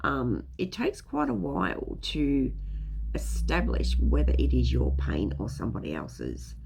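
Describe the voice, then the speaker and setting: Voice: medium pitch, huge pitch swings, measured pace, creaky, noisy background. A speaker giving a casual, rambling talk on spiritual topics, full of fillers and loose swearing. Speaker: spiritual teacher.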